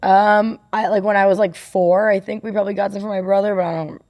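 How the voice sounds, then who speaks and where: A woman's voice: medium pitch, flat delivery, quick pace, darkish tone, dry recording. Young woman, easygoing, reads quiz questions, dry close mic. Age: young adult. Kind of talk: casual chat.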